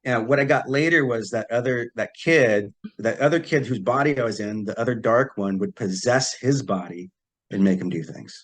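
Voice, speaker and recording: A man's voice: medium pitch, normal speed. Man telling a story casually. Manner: relaxed, acts out quoted dialogue. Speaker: podcast guest, psychic healer.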